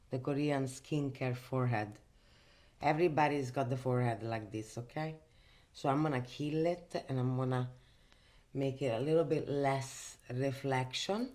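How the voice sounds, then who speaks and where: A woman's voice: extremely low pitch, darkish tone. A woman from Italy with an Italian accent, chatting casually in a makeup vlog from her bedroom, emphatic and full of fillers. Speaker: host.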